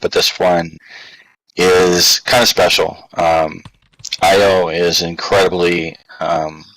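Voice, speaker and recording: A man's voice: deep voice, fairly bright tone, poor audio. A man who co-runs a virtual world addresses a community meeting, speaking earnestly with frequent ums. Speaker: co-owner of a virtual world grid. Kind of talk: prepared welcome speech.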